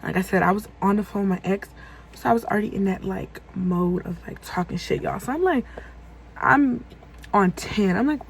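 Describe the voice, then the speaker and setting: A woman's voice: mid-range voice, brisk, a little hiss or hum, poor audio. A young woman telling a casual storytime, chatty with lots of fillers, acting out the voices of people in her story. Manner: chatty, lots of fillers, acts out quoted dialogue.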